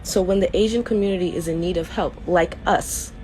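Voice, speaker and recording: A woman's voice: lowish voice, a little fast, mellow, slight background noise. A young woman reading out a prepared statement to her followers, earnest and a little hesitant, often stopping to restart her sentences. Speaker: vlogger.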